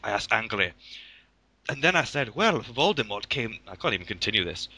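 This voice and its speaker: A man's voice: medium pitch, very animated, fast, sharp tone. A young man reading a fan fiction aloud to friends, stumbling over the text and laughing at it. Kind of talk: casual comic read-aloud.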